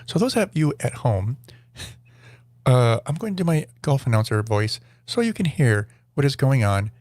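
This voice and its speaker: A male podcast host talks casually over news clips at a middling pitch. He rambles, corrects himself mid-sentence and drops dry, sarcastic asides. His voice sounds close and dry, with no room around it. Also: sing-song, a little slow, darkish tone, dry recording.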